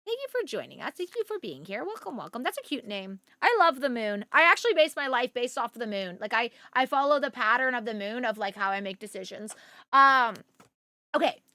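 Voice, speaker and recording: Young woman streamer, chatty and loose, many fillers; bright voice, dry sound. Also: fairly high pitch, very animated, a little fast, no echo. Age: young adult. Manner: chatty, talks to viewers by name, many fillers. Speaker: livestream host. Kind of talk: casual chat with live chat.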